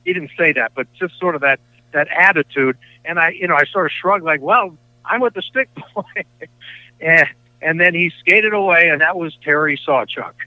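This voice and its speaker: A man's voice: fairly high pitch, fairly quick, no echo. Older man telling stories over the phone. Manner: chatty, rambling anecdotes with self-corrections. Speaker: sports broadcaster guest. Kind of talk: storytelling in casual conversation. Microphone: phone line. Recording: tinny dry phone line.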